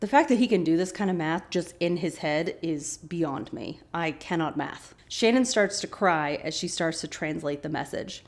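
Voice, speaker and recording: A woman hosting a podcast, casually recapping a TV episode with animated, chatty asides. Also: low voice, moderate pace, few pauses. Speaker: podcast host.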